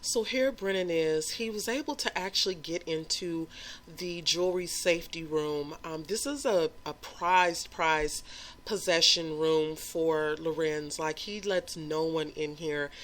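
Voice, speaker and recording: A woman's voice: lowish voice, measured pace. A woman hosting a gaming channel, narrating a life-sim game story in a rambling way with constant fillers. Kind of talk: let's play narration.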